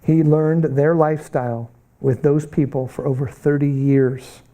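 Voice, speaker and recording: A man's voice: fairly high pitch, fairly even intonation, unhurried, dark tone. A middle-aged man teaching a Bible college missions class, preaching earnestly with rhetorical questions and bursts of urgency. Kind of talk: classroom lecture.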